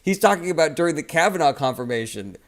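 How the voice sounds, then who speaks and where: A man's voice: on the high side, animated, fast talker. Heated, profane man streaming. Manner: reads viewer comments aloud and answers them. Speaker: political livestream host. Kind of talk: casual livestream commentary.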